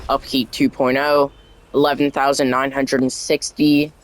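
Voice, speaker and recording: A man narrating a casual video game tutorial, reading the game's on-screen text aloud in a halting way with stumbles, his voice wearing out. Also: medium pitch, level tone, rough recording. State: losing his voice. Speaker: gaming channel creator.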